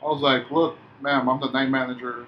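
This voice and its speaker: A man's voice: medium pitch, level tone, brisk. A man telling workplace stories in a loose, profane way, acting out what people said. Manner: loose, profane storytelling with acted-out quotes. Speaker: podcast co-host. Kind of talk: casual chat. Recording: dull lo-fi sound with faint background hiss.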